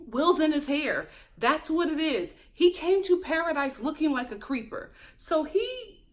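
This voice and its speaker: A woman hosting a casual reality TV recap, talking in an animated, gossipy way and mimicking the cast. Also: high voice, unhurried. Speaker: show recap host.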